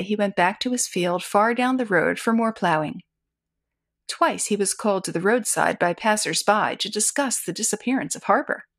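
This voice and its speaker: A woman narrating an old pulp short story as an audiobook in a steady, measured way. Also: mid-range voice.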